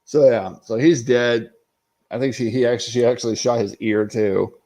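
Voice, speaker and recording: With a mellow, medium-pitched voice and fairly even intonation, a man recaps a show episode on a casual livestream at a moderate pace. He chats to viewers unscripted, rambling and cursing freely.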